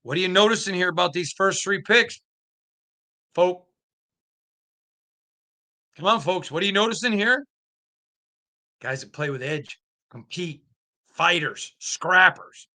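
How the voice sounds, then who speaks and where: A man with a slightly high, sharp-toned voice hosts a sports podcast, giving casual commentary. He speaks emphatically and with animation, frequently restarting sentences and wandering into asides.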